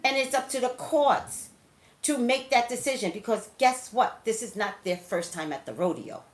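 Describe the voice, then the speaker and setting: A woman vlogger who talks straight to her viewers, chatting and telling stories in an animated way. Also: a little high, moderate pace, reverberant. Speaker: psychic vlogger. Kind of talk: casual chat to camera.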